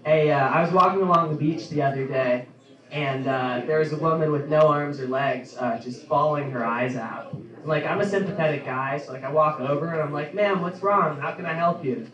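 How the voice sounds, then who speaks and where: A young adult man performing a stand-up comedy set in a club, in an offhand, halting delivery full of ums. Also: fairly high pitch, a bit bright, lo-fi sound. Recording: echoey club from a distance.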